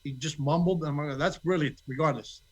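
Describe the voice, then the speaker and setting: A man chatting easily as an actor guest on a podcast, talkative and relaxed. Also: a little high, fairly quick, breathy edge. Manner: easygoing, talkative. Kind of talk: casual interview chat.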